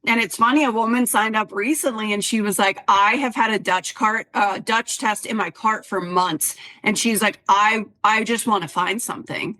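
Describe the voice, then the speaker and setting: A woman co-hosting a health podcast, talking casually and acting out her clients' words. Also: mid-range voice. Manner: chatty, animated quoting of clients. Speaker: podcast co-host, health coach.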